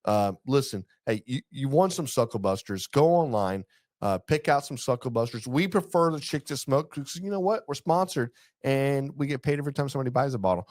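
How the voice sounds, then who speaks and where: A man's voice: medium pitch, animated, a little fast, a little mellow, no room sound, studio quality. A man co-hosting a barbecue podcast in casual chat, joking, rambling and laughing often. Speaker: podcast co-host.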